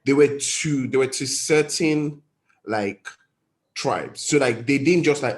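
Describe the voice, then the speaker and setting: A man's voice: medium pitch, a little slow. Chill guy cohosting a podcast, joking around with the boys. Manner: joking, laid-back banter. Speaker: podcast co-host. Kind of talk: casual chat.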